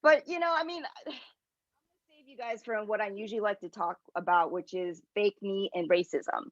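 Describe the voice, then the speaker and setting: A woman's voice: mid-range voice, moderate pace, dry recording, highs cut off. Give me a woman comedian rambling through a set on a video call, dry close sound. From Connecticut, US. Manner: chatty, rambling, lots of "like" and "you know". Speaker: stand-up comedian.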